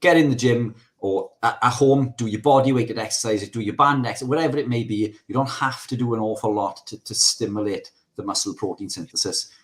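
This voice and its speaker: A man's voice: medium pitch, a little fast, hardly any pauses. A man co-hosting a live stream, chatting casually with lots of "you know". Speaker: co-host.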